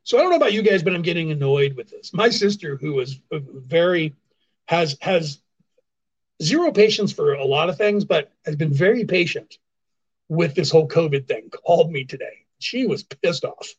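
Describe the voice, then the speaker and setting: A man's voice: a little high, animated, normal speed, husky, dull audio. Ranting man on a livestream. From California, US. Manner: ranting, sarcastic, repeats points for emphasis. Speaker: livestream show host. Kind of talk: casual ranting commentary. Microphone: phone.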